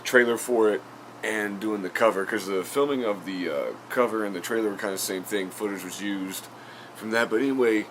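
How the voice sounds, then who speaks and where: A male podcast host tells a story in a loose, rambling way. He talks in a low voice, with plenty of fillers, and drops casual curse words. There is a faint hum of noise behind him. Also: a bit bright.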